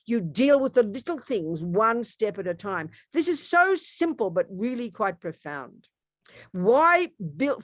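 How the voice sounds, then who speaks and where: A Buddhist nun giving a dharma talk in a fairly high, animated voice that jumps up and down in pitch and loudness. She talks conversationally, repeating points and asking rhetorical questions. The sound is close and dry. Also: dry recording. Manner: emphatic, animated, wide swings in pitch and loudness.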